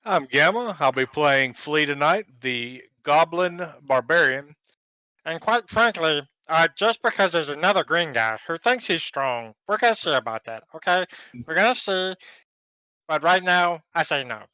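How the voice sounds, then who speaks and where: A man's voice: on the high side, lively intonation, unhurried, sharp tone, smooth, highs cut off. A man introducing his character in a playfully boastful way. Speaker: player.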